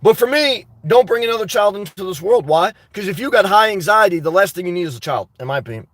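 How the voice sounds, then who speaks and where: His voice sits high, animated and a bit bright, moving at a quick pace with no echo. He's a livestream host reading chat aloud, rambling and crude, often starting over mid-thought.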